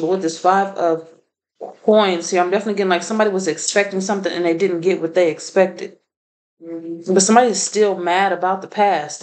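A woman's voice: on the low side, a little mellow, low-quality recording. A woman doing a casual tarot reading, blunt and profane, laughing often. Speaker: tarot reader.

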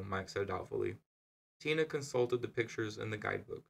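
A man with a low, gravelly voice reads a novel aloud. His narration is steady and measured, taking each sentence at an even pace. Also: poor audio. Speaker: reader.

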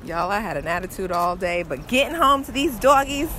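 A female vlogger talks casually into her phone while sitting in her truck and walking outside, chatty, animated and cursing freely. Her voice is medium-pitched and fairly quick, with outdoor noise and traffic in the background.

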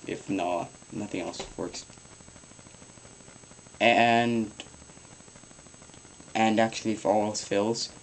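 A teenage boy with a fairly low voice rambles through advice in a home vlog, swearing casually and peppering his talk with ums. A faint hiss of room noise sits under the built-in camera mic. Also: low-quality recording. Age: teens. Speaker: vlogger.

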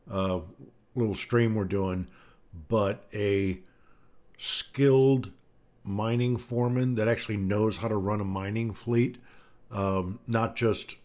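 A man's voice: on the low side, darkish tone. A man co-hosting a casual live stream, chatting in an easygoing, drawling way. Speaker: co-host.

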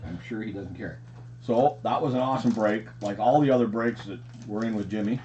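A man chatting casually while he opens a package of trading cards, getting excited over each hit. The recording is a little dull, with a faint hum behind him. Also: on the low side, brisk. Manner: excited, says "frickin' sick". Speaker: card collecting channel host. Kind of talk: casual card unboxing chat.

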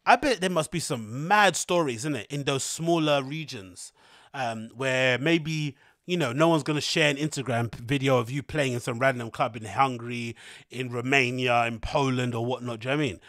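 A man's voice: mid-range voice, moderate pace, fairly bright tone, dry recording, clean studio sound. A man hosting a podcast, rambling through casual commentary in a cheeky, profane, slangy way. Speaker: podcast host.

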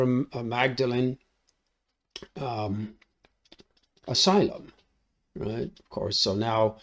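A man talks through a film's plot in a relaxed, thinking-aloud way, stopping often to ask "right?" and filling gaps with "uh" and "um". His voice sits at an ordinary middle pitch with a noticeable gravelly fry. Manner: recaps the plot with many "right?" tags and "uh" fillers. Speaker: film reviewer. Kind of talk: casual spoken film review.

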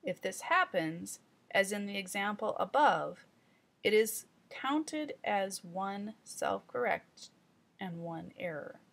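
A woman teaching trainees in an instructional voice-over, explaining deliberately and speaking straight to the viewer. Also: medium pitch, animated, gravelly.

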